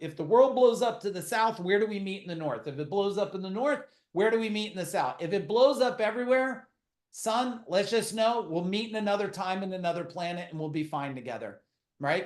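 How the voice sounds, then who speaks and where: A middle-aged man, a podcast guest, tells blunt, profane stories in casual interview talk, full of quick asides. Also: high-pitched, animated, echoey room.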